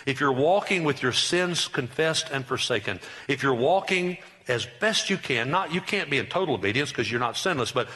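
Man, middle-aged, pastor, preaching, bright tone, folksy, joking, emphatic. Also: medium pitch, lively intonation, normal speed, hardly any pauses. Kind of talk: sermon.

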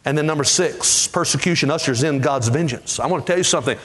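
A man preaching a sermon with passion, rising to fervent peaks and dropping to quiet asides. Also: fairly high pitch, fast. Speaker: pastor.

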